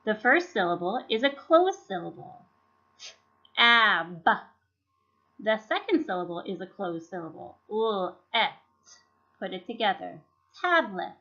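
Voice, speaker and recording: A woman's voice: medium pitch, sing-song, normal speed, fairly bright tone. A woman giving a scripted teaching presentation, carefully sounding out syllables and words. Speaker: teacher presenting professional development. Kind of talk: scripted instructional narration. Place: voice-over for slide presentation. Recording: dull lo-fi recording.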